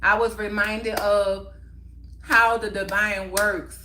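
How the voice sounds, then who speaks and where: A woman speaks with a bright, clear tone, hosting a casual livestream chat. She talks in an emphatic, heartfelt way and repeats phrases to drive her point home. A faint hum of room noise sits underneath. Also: mid-range voice, little pitch movement, takes it slowly. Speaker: livestream host.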